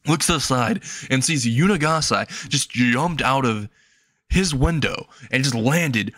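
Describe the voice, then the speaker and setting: A man's voice: medium pitch, animated, unhurried, a bit bright, dry recording. Casual man narrating a fan story. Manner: casual, laughs at own jokes, repetitive fillers.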